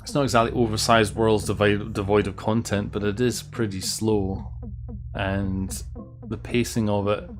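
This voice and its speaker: A man's voice: on the low side, level tone, normal speed. Sardonic man rambling over game music. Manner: rambling, sardonic, swears often. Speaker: let's play host. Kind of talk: casual gameplay commentary. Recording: game music clear behind voice.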